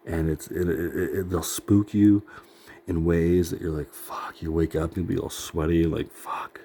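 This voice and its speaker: A man's voice: sits low, little pitch movement, normal speed, warm tone, slight background noise. A middle-aged man rambling in a profane, self-critical monologue, laughing often and sounding worn out.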